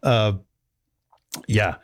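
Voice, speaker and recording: A man's voice: lowish voice, very slow. A man co-hosting a podcast, explaining things in a nerdy, playful way during casual chat. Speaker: podcast co-host.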